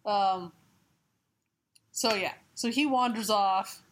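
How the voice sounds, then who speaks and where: A woman's voice: medium pitch, slow, a little hiss or hum. A woman co-hosting a comic book podcast, recapping a story in casual, sarcastic, profane chat and laughing often. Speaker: podcast co-host.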